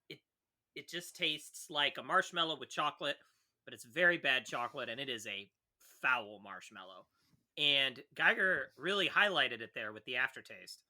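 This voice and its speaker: A man co-hosting a podcast, giving blunt, deadpan verdicts on snacks in casual chat. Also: fairly high pitch. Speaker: podcast co-host.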